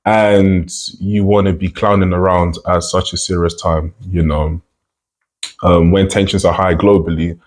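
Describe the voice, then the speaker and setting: A man's voice: low-pitched, flat delivery, measured pace, a little mellow. A British man giving casual reaction commentary in a chatty way, with plenty of "you know.". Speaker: commentary YouTuber.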